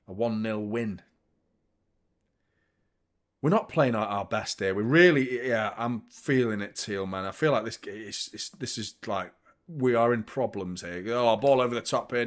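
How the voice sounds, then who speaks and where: Getting heated while hosting a live football watchalong, a young man comments on the match and swears freely. His voice is fairly low in pitch.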